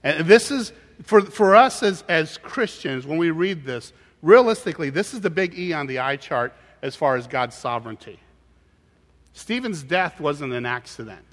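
A man preaching a sermon, telling a story in an animated way with frequent halting restarts. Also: a little high. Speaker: pastor. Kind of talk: sermon with personal anecdote. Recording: hall with long reverb.

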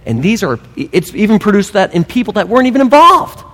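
A male pastor preaches with animated, swooping intonation. He drives his points home with emphasis and drops in humorous asides. His voice sits a little high and rings with long hall reverberation. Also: a little fast. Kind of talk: sermon.

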